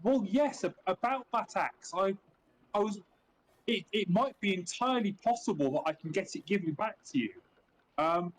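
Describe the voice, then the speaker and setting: A man's voice: sits high, animated, normal speed, a little hiss or hum, low-quality recording. An Australian man playing his character in a tabletop game over an online call, polite with stammering restarts. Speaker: player. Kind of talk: tabletop role-play.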